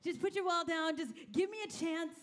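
Woman pastor, high voice, energetic and conversational sermon delivery, talks straight to the congregation. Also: moderate pace.

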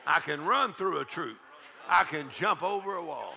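A man preaching a charismatic sermon in a church, exuberant, shouting, whooping and leading the congregation in laughter. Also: a little high, lively intonation, normal speed, vocal fry. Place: church sanctuary.

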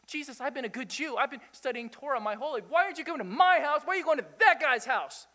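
A man acting out an indignant townsperson, high-pitched and aggrieved. The complaint spills out fast and loud with wounded pride. Each line sounds like a personal insult. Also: animated, exaggerated voice. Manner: outraged, complaining. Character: indignant male townsperson resenting a guest.

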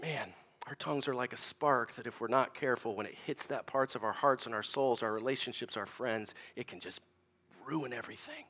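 Animated preacher with a bright voice. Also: male voice, medium pitch, fairly quick. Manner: animated, acts out sounds and stories, drops to hushed tones. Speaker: pastor. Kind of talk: sermon with storytelling.

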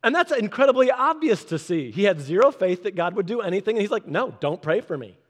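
A man preaching, telling a story in an animated way and acting out the quoted people in changed voices. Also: high-pitched, fast talker. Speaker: pastor. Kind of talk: storytelling sermon. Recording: long hall reverb.

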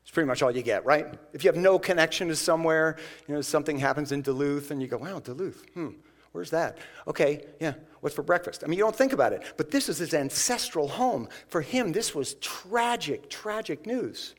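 A man's voice: on the high side, lively intonation, a little fast, hardly any pauses. A man preaching a sermon in a conversational way, acting out the voices of the people in the passage. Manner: conversational, acts out scripture voices. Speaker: pastor.

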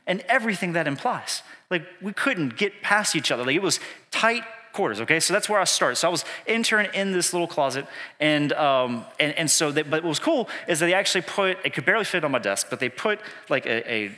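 A man's voice: fairly high pitch, bright, forceful tone. A male pastor telling a personal story in a sermon, chatty and self-deprecating, with lots of casual fillers. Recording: long reverb from a church hall.

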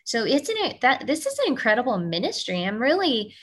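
A woman's voice: a little high, sing-song, fairly quick, husky. A woman hosting a faith talk show, asking her guests affirming, reflective questions. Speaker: host.

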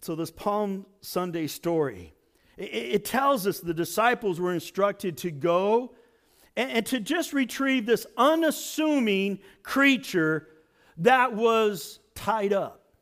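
Animated, dramatic preacher man. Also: high-pitched, slow pace. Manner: dramatic, swings from shouting to hushed. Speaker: pastor. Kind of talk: sermon.

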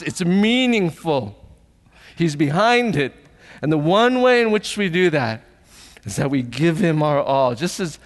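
A man's voice: fairly high pitch, long reverb tail. A man preaching a sermon as pastor, earnest and emotional, often asking the congregation questions, at times tearful.

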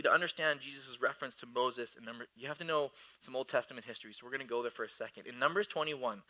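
A man in his thirties, a pastor delivering a sermon, telling a family story with laughter and lively asides. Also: mid-range voice, low-quality recording.

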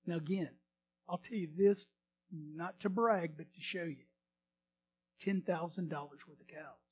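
Animated high-voiced pastor. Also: male voice, a little slow, lo-fi sound, slight background noise. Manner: animated, swings from loud to hushed. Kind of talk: storytelling sermon.

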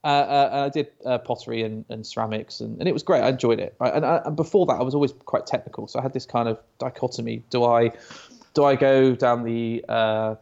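A man's voice: mid-range voice, fairly even intonation, fast, creaky, darkish tone, muffled recording. A British man chatting as an interview guest, often stammering and restarting, telling stories. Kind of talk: casual interview chat.

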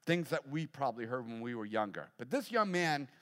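A middle-aged man, a pastor, preaching a sermon and telling a personal story, animated and acting out voices. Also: medium pitch, a little fast. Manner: animated storyteller, acts out voices, laughs often. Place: large church hall. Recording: long hall reverb.

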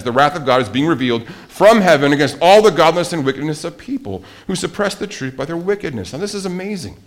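With a fairly high-pitched voice, a male pastor delivers a lively sermon. He throws out rhetorical questions and shifts from booming emphasis to hushed side comments.

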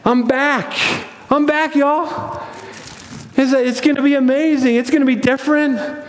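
A man putting on the voice of a joyful, laughing risen man inside a sermon, talking excitedly and repeating his phrases. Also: very high voice, unhurried, echoey room, big-room sound, slight background noise, pitched above the performer's own voice.

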